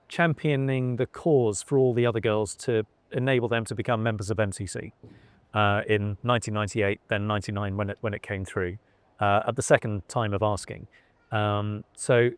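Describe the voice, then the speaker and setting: A man's voice: mid-range voice, no room sound. Middle-aged english guy, talks in stops and starts, um and uh a lot, mid voice, dry close mic. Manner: hesitant, many fillers and restarts. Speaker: interviewee, son of a cricketer. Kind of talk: conversational interview.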